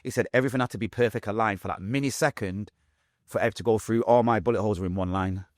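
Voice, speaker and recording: Fast-talking Mancunian man recounting vividly. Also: fairly low pitch, no room sound, clean studio sound. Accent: Mancunian English. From Manchester, England. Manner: fast, vivid storytelling with acted-out quotes. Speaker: guest. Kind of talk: podcast interview storytelling.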